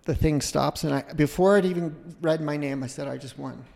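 A middle-aged man shares an anecdote as a podcast guest, his voice gravelly and a little high. He rambles and interrupts himself, animated as he tells it. A long hall reverb hangs on every phrase. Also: fairly quick. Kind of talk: casual storytelling.

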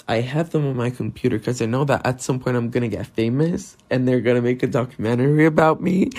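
A young man with a non-native English accent, hosting a podcast in a candid, self-deprecating solo monologue and swearing often. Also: mid-range voice. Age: young adult. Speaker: podcast host.

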